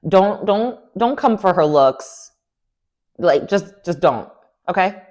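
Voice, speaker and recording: Sassy, animated woman recapping. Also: medium pitch, a little slow. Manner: animated, sassy, lots of "like" and "girl". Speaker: recap vlogger. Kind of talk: opinionated reality TV recap.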